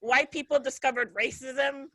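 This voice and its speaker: Woman comic, high bright voice, dry close sound, swears freely, laughs through her bits. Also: steady tone, moderate pace, dry recording, rough recording. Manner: profane, laughs at own jokes. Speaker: stand-up comedian. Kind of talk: stand-up comedy set.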